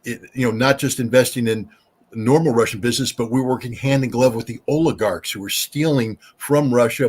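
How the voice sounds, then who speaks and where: An American man speaks bluntly and emphatically as the expert guest on a podcast. His voice is husky and slightly rough. He answers at length with firm conviction. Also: medium pitch. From United States.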